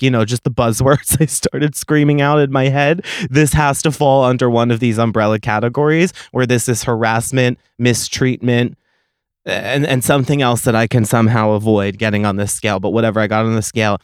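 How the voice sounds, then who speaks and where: A young man hosting a solo comedy podcast, telling stories in a profane, sarcastic, animated way. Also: mid-range voice, smooth, no room sound, clean studio sound. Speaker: podcast host.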